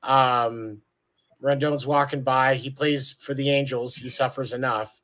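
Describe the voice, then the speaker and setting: A man's voice: mid-range voice, fairly even intonation, unhurried, fairly bright tone. A man co-hosting a sports podcast, talking bluntly and casually with profanity and jokes. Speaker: podcast co-host.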